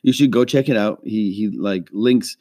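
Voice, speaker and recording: Earnest rambling man, low mellow voice. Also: moderate pace, no echo, clean studio sound. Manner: rambling, earnest, many restarts. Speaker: podcast host. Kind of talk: casual faith-based movie talk.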